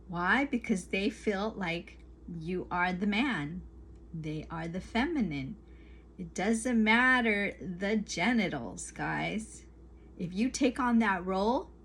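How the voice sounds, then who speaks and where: A woman's voice: fairly low pitch, husky. A woman talking to camera as a spiritual coach, giving earnest advice in emphatic, repetitive lists.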